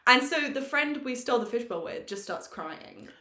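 A woman co-hosting a podcast, telling a story in a lively, swearing, self-mocking way. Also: a little high, normal speed, echoey room. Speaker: podcast co-host. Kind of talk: casual storytelling chat.

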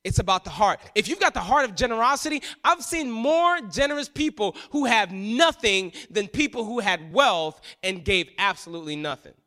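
High bright-voiced preaching man. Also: lively intonation, normal speed, hardly any pauses. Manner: dynamic preaching, swinging from loud to hushed. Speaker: pastor. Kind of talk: sermon.

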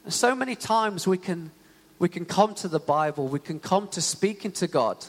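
Young man, conversational sermon, fairly high voice, long church reverb. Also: moderate pace. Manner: conversational, animated storytelling with many fillers. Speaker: preacher. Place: church hall.

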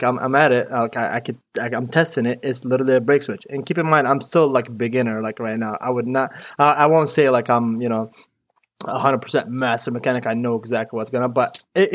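A young man from Iraq, a mechanic guest chatting casually in an interview, rambling and peppering his talk with "dude" and "you know". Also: mid-range voice.

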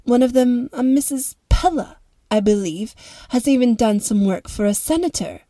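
A woman's voice: on the high side, animated, moderate pace, dark tone, dry recording, natural voice. A woman voicing a wealthy, formal older lady who talks in a precise, fretful way.

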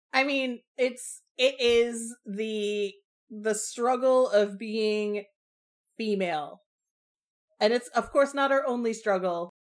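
A young woman shares her thoughts in relaxed podcast chat about a novel. Her voice sits in the middle range, and she talks in a reflective, candid way, stretching out some phrases. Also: medium pitch. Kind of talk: casual book discussion.

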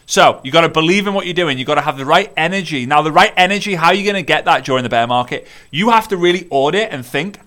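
A man from the United Kingdom delivers a rallying motivational talk, speaking straight to his listeners and circling back on phrases for emphasis. His voice is bright and forceful, sitting a little high for a man. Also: quick pace, few pauses. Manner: energetic, repetitive, rallying, direct address to listeners. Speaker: network marketing business coach. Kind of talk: motivational monologue.

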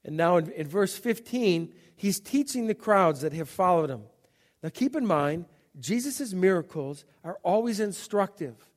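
A man's voice: sits high, animated, measured pace. A middle-aged male pastor giving a conversational sermon, acting out Bible scenes in little voices.

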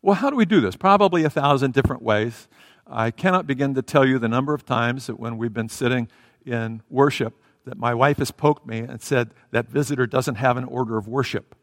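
A man preaching a sermon in a church, animated, swinging between loud and soft as he acts out the story. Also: medium pitch, fairly quick, dry recording, studio quality, long reverb tail.

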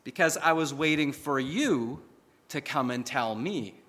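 A gentle old grandmother, as a preacher plays her, soft-spoken and calm, her voice lowered and quiet. Behind her, the sound of a big hall lingers. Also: measured pace, heavily acted.

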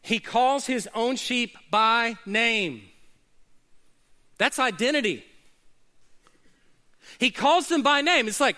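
A male pastor preaching to a church congregation, his voice high and bright. He swings up and down for emphasis, punchy one moment and hushed the next. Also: unhurried, pauses often. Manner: animated preaching, rising and dropping for emphasis. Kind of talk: sermon.

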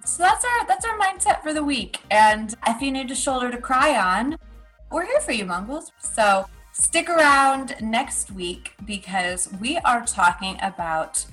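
A woman in her thirties co-hosting a casual podcast chat, telling stories in an animated way with laughs. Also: high-pitched, measured pace, soft background music, low-quality recording. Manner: chatty, animated storytelling with laughs. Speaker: podcast co-host.

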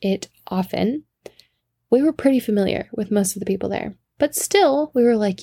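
A woman telling a casual story in an animated, laughing way, with frequent swearing. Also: medium pitch, moderate pace, vocal fry, slightly rough, dry recording, clean studio sound.

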